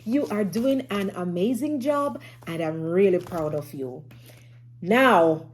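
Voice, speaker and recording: A woman leads a phonics lesson for small children at a slow, careful pace. Her pitch swoops up and down in a lively sing-song, and now and then she hushes to a whisper. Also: slight background noise. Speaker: teacher.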